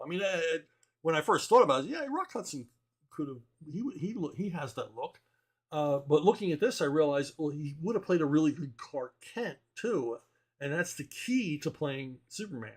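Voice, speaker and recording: Male comic writer, casual Q&A host: wry, blunt, rambling, frequent chuckles, average pitch. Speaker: comic book writer answering viewer questions. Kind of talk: casual opinionated chat.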